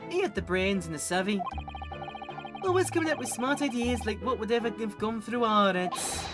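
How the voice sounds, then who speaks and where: A woman voicing a cheeky grown brother with a Cockney accent and rough, broken grammar. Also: mid-range voice, animated, normal speed, over music, close to an everyday voice. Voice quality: rough-edged, dropped grammar.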